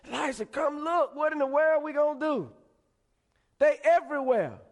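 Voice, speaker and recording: A man's voice: very high voice, expressive, normal speed, in a large hall, voice pushed up. A man voicing a panicked young male servant who stammers in alarm. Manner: frantic, stammering.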